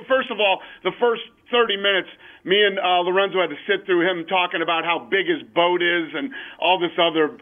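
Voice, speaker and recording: A man being interviewed over the phone, talking in a blunt, emphatic way. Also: high-pitched. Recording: tinny phone line.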